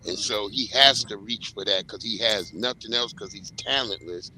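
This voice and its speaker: A man's voice: on the low side, moderate pace, sharp tone, slight background noise, poor audio. A man on a casual panel, ranting in a heated and blunt way.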